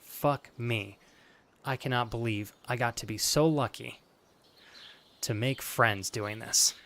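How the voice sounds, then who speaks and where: A male streamer, choked up and close to tears, thanking his viewers in halting, stammering bursts. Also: medium pitch, fairly bright tone. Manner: halting, restarting, stammering with emotion. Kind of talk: emotional live-stream thank-you to chat.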